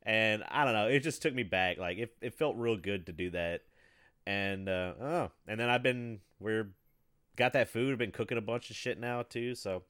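A man in his thirties chatting casually, telling rambling profane stories with bursts of loud laughter. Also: on the low side, normal speed, clear, resonant tone, no echo, clean studio sound. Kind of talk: casual chat.

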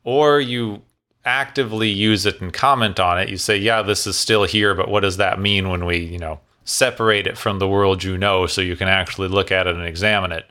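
Low, forceful man in casual talk. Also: steady tone. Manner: opinionated, emphatic, quick asides. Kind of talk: casual discussion.

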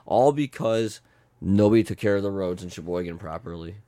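A man co-hosting a podcast in casual chat, excitable and quick to swear. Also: sits low, no echo. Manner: excitable, swears often, laughs a lot. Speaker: podcast co-host.

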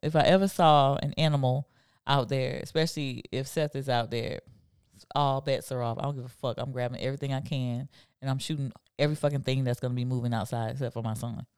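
A woman co-hosting a casual podcast chat, brash and quick to laugh and curse. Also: extremely low pitch, steady tone, darkish tone, clean tone, dry recording, studio quality. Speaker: podcast co-host.

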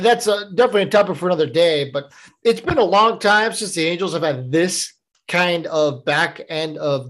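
A man co-hosting a podcast, talking casually and easygoing with plenty of fillers. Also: fairly high pitch. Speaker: podcast co-host. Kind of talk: casual sports chat.

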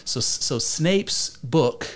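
A man's voice: medium pitch, lively intonation, drawn-out words. A man co-hosting a podcast, chatting casually and enthusiastically, rambling with restarts and the odd swear word. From United States. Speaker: podcast co-host. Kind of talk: casual chat.

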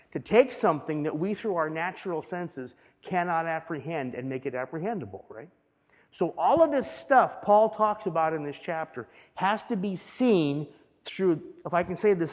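A man preaching a teaching sermon in a conversational way, often checking in with the listeners. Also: fairly high pitch. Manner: conversational, keeps asking "right?". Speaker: pastor. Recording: long hall reverb.

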